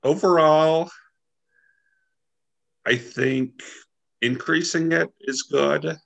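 A man joining a casual podcast chat, giving his view in a measured way, thinking aloud in short phrases. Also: on the high side, fairly even intonation, vocal fry, fairly bright tone, rough recording. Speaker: podcast guest.

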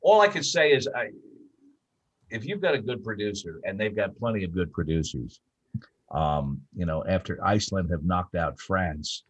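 An older man, a veteran sports broadcaster, telling stories as a guest in a casual podcast chat, animated with frequent restarts and bursts of emphasis. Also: sits low, moderate pace, breathy edge.

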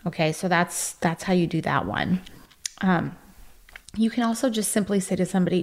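A podcast host speaks in an earnest, encouraging way, coaching her listeners through hard feelings. Her voice sits a little low for a woman. She talks directly to the listener, like a supportive friend giving practical advice. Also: normal speed. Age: adult, married. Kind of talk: motivational self-help talk.

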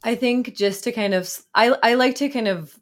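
A woman in her thirties, a therapist and author, talking as a guest in a casual interview, reflective, with frequent fillers and soft laughs. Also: fairly high pitch, moderate pace.

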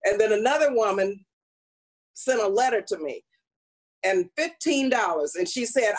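A woman's voice: mid-range voice, animated, normal speed, low-quality recording. A woman politician guesting in an interview, telling stories in an earnest, emphatic way. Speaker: congresswoman, guest. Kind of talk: conversational interview.

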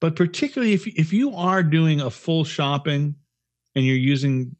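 A man's voice: a little high, normal speed. Rambling, foul-mouthed man with a raised voice. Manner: profane, rambling storyteller with restarts. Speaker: podcast co-host. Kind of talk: casual chat.

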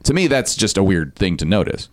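A man with a lowish voice puts questions to his co-hosts on a podcast and defends himself when they tease him. His pitch moves freely as he talks. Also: very animated, fairly quick. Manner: earnest, questioning, self-defending. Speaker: podcast co-host. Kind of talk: casual banter.

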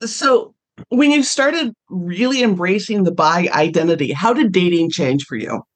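An interview host talks in a relaxed, reminiscing way and asks questions. The voice moves up and down a lot. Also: mid-range voice, normal speed. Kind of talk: casual interview chat.

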